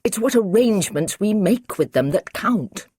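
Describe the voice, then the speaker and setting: A woman reading an audiobook, voicing a calm, earnest male time traveller who speaks courteously. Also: mid-range voice, normal speed, slightly rough, no echo, clean studio sound, pitched above the performer's own voice.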